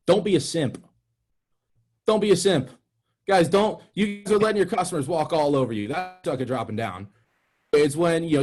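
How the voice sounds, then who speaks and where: A young man giving an energetic, direct sales training talk, calling his audience "guys". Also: fairly high pitch, slightly rough.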